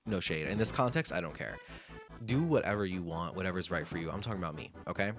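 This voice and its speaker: A man with a fairly low voice tells stories vlog-style, chatty and animated, slipping in sassy slang and playing out little bits of dialogue. Guitar music plays clearly underneath the whole time. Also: quick pace. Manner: chatty, animated, reenacts conversations. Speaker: vlogger. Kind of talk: casual storytelling monologue.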